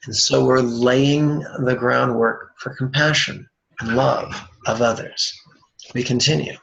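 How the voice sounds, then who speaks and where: A man guiding a meditation session, talking at an unhurried, deliberate pace with a gravelly edge to his voice. He mixes calm instruction with dry little jokes. The recording sounds dull and lo-fi. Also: medium pitch. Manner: slow, measured, with dry joking asides. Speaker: meditation teacher. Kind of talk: guided meditation with chanting.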